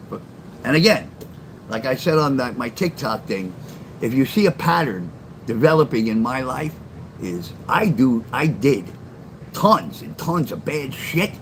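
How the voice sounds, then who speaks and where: A man's voice: mid-range voice, sing-song, measured pace, pauses often, slight background noise, low-quality recording. An older man, telling blunt, profane street stories on a phone live stream. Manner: blunt and profane, acts out quoted lines loudly. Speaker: live-stream storyteller reading his memoir. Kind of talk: casual storytelling.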